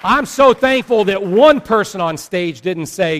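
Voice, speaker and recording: A man's voice: high-pitched, measured pace, hardly any pauses, some chatter behind. A middle-aged man preaching a sermon as pastor, acting out the people in the story as he retells it. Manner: animated, acts out quoted characters.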